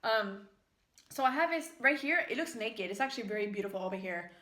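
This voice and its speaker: Bright-voiced chatty American woman. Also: medium pitch, expressive, brisk. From United States. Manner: chatty, rambling storytelling with frequent fillers. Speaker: vlogger. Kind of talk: casual mukbang chat while eating. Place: at home, in the kitchen. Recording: echoey room.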